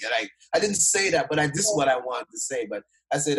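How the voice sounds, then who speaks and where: A man's voice: fairly high pitch, animated, quick pace, hardly any pauses, fairly bright tone, rough recording. A man from Jamaica, a motivational speaker, telling his life story as an interview guest. He talks energetically, acts out the people he quotes, and uses many fillers and restarts. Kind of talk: animated personal storytelling in an interview.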